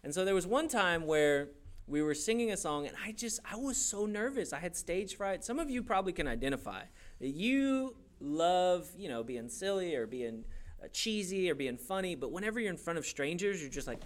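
A man's voice: high-pitched, normal speed. A young adult man preaching a sermon, telling stories with playful put-on voices. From grew up in a Hispanic church community. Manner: animated storytelling with playful voices. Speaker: pastor.

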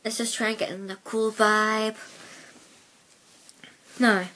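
A woman's voice: mid-range voice, flat delivery, takes it slowly, bright, forceful tone. A woman from Northern Ireland with a mixed Belfast and Plymouth accent, hosting a casual solo podcast on a headset mic, rambling hesitantly with many fillers. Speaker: podcast host.

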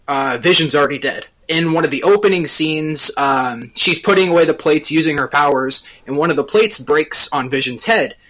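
Guy with a bright, slightly high voice, chatty podcast recap, lots of uhs. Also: low-quality recording. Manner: explains at length with frequent uh fillers. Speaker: podcast co-host. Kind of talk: casual chat recapping a TV episode.

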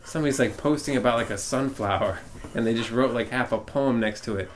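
A man's voice: mid-range voice, fast, slight background noise. A man co-hosting a podcast, rambling and swearing in an upbeat, casual way. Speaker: podcast co-host.

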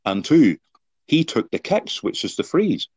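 A man's voice: medium pitch, big pitch swings, measured pace, darkish tone, breathy edge, dry recording. A man guest on a podcast, explaining his ideas earnestly with anecdotes and rhetorical questions. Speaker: guest, sports psychology author. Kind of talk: podcast interview answers with anecdotes. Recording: dull lo-fi sound.

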